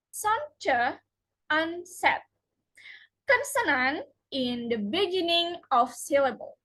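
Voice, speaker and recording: A woman's voice: very high voice, sing-song, takes it slowly, fairly bright tone, poor audio. A young woman reading out a prepared lesson, carefully stressing each example word, speaking English as a non-native speaker. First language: Indonesian. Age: young adult. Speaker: student presenter.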